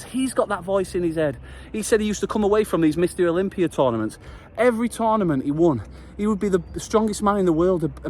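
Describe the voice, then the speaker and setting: Fresh from a workout, a man with a high-pitched, slightly mellow voice delivers an earnest, passionate motivational vlog message, dropping the odd swear word. There's a little hiss or hum on the recording.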